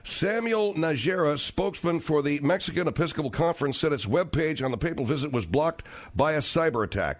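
A man's voice: a little high, lively intonation, brisk. A male radio talk show host reading and riffing on the news in a wry, sarcastic, slangy way.

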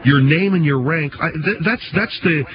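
A man's voice: fairly high pitch, moderate pace, lo-fi sound, crowd noise. A man hosting a comedy talk radio show, cutting in with dry, needling questions. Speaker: radio host.

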